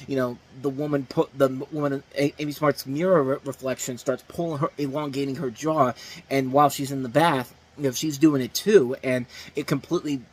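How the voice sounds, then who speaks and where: A man's voice: mid-range voice, fairly even intonation, brisk, a little mellow, breathy edge. A man hosting a casual film review show, rambling through his opinions with many fillers and restarts. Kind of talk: casual spoken movie review.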